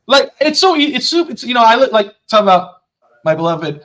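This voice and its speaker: A man co-hosting a casual sports podcast, animated and cursing, acting out quotes. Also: a little fast. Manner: animated, swears, acts out quotes in a high excited voice. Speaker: podcast co-host.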